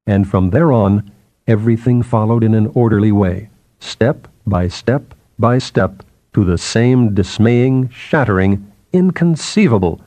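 Man narrating in a measured, expressive voice. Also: lowish voice, no room sound. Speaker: audiobook narrator. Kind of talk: scripted narration.

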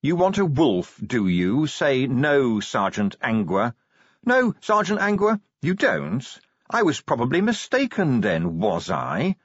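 A man's voice: mid-range voice, sing-song, moderate pace, slightly rough, no room sound, highs cut off. A man voicing a fierce young female werewolf sergeant who talks in a clipped, growling way. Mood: menacing.

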